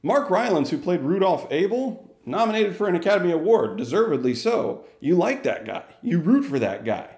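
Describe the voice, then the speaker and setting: A man's voice: sits high, big pitch swings, moderate pace, few pauses, darkish tone. A man giving a casual, chatty movie review on video, rambling and wry. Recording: echoey room.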